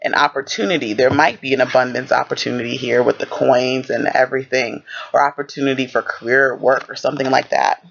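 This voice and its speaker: A man giving a rambling pick-a-card tarot reading, congested from a cold, with a slight lisp and halting restarts. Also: mid-range voice, fairly even intonation, creaky, a bit bright, slight background noise. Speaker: tarot reader. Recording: dull lo-fi audio.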